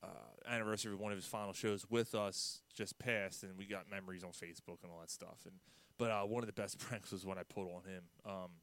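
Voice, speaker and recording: A man telling prank stories in casual chat, animated, with loud mimicked outbursts. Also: low-pitched, fast, smooth, no room sound. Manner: animated storyteller, loud mimicked outbursts, laughs mid-story.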